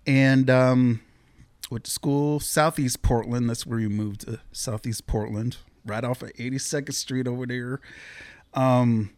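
A man's voice: mid-range voice, a little slow, clean tone, no room sound. A man from the Pacific Northwest, a guest telling his life story in a rambling, casual way with many fillers. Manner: rambling, lots of fillers, animated when quoting others.

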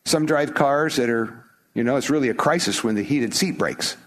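A man's voice: medium pitch, normal speed, a bit bright. A middle-aged man from the United States preaching a sermon in a conversational, emphatic way, often restarting his phrases. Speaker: pastor.

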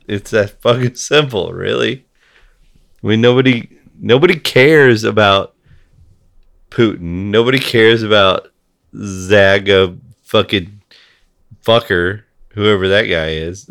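A man's voice: fairly low pitch, slow, gravelly, a bit bright. A man in a heated conversation, talking bluntly and swearing freely as he rants. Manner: blunt, profane ranting.

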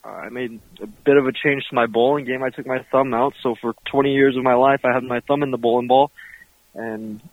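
A man's voice: mid-range voice, steady tone, a little fast, dry recording. A man, a professional bowler, chatting easily in an interview with many fillers, heard over a remote call. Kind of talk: casual interview answers. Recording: tinny phone-like line, dry.

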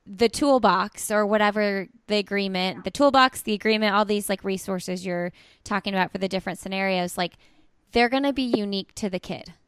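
Candid woman host with a crisp dry voice. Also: mid-range voice, fairly bright tone, no echo. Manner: candid, halting, restarts while telling a story. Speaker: podcast host. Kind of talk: casual chat.

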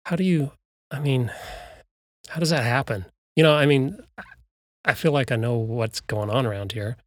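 A man's voice: moderate pace, no room sound, natural voice. A man doing a stammering, flustered man. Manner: stammering, hesitant, rising pitch. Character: flustered middle-aged man, earnest and unsettled.

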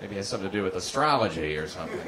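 A man doing a stand-up routine in a comedy club, deadpan and halting, stammering over his restarts. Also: sits low, crowd noise, poor audio. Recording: live club recording with audience laughter. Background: audience laughter.

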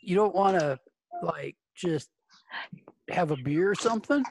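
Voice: mid-range voice, animated, a little slow, creaky, slight background noise, poor audio. A wheedling ex-boyfriend who won't take no for an answer, played by a game master. He coaxes and pleads in a casual, lightly put-on voice during a tabletop game. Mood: coaxing. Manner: wheedling, persistent.

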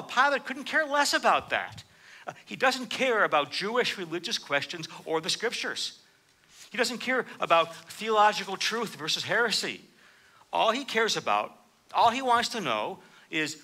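Male preacher, slightly high voice, very bright tone, acts out dialogue as he teaches. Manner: animated, acts out quoted dialogue with rising emphasis. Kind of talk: sermon.

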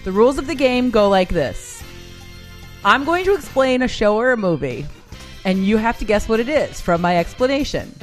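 A woman co-hosting a podcast, giving halting, giggly explanations in casual chat. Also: on the high side, sing-song, faint music behind. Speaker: podcast co-host.

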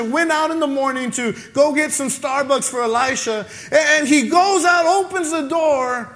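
A man preaches with a strikingly high voice, talking to his congregation in a loose, conversational way. He builds to shouted emphasis on the key points of his sermon, then drops back into friendly asides. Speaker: pastor.

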